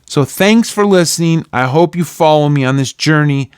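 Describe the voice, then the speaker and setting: A man with a slightly raised voice teaches from the Bible in a measured, earnest manner. His lesson sounds scripted and explanatory. The recording is dry and close, with no room sound. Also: on the high side, clear, resonant tone, no echo.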